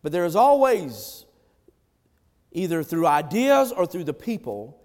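A man delivers a sermon in a high voice, rising to loud emphatic calls and then sinking to low, hushed lines. A long reverb trails after his words. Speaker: preacher.

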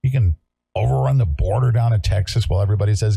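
A man from California hosting a talk show, ranting loudly and sarcastically in a combative way. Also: on the low side, fast, vocal fry, breathy edge. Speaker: show host. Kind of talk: heated talk-show rant.

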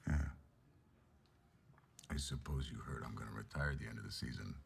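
A gravelly veteran hockey enforcer. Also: male voice, extremely low pitch, fairly quick, a little hiss or hum, heavily acted. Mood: gruff. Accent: Canadian. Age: middle-aged. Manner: blunt, gravelly, swearing. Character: aging hockey enforcer, hard and blunt.

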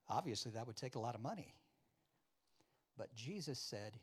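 A man preaching a sermon, acting out dialogue and questioning his congregation, loud one moment and quiet the next. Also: medium pitch, normal speed, pauses often, slightly rough. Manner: animated, acts out biblical dialogue with wide swings in loudness; addresses the congregation with questions and asides. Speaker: pastor.

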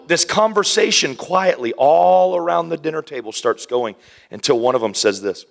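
A man preaching a sermon, animated, acting out scenes with hushed whispers and playful voices. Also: fairly high pitch, moderate pace, creaky.

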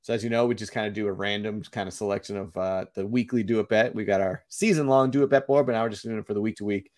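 A man's voice: on the low side, fairly even intonation, fast, darkish tone. A man co-hosting a casual sports podcast, talking in an upbeat, chatty way and laughing often. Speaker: podcast co-host.

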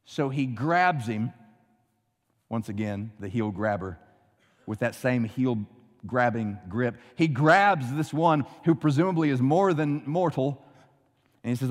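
A man preaching a sermon, dramatic, often dropping to a hushed low voice for emphasis. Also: animated, unhurried, big-room sound. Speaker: pastor.

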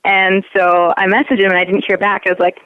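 A woman's voice: mid-range voice, little pitch movement, fairly quick, clean tone, dry recording. A woman guest on a podcast, telling stories in a wry, laid-back way, heard over a lo-fi remote call. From South Africa and Canada. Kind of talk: casual interview chat.

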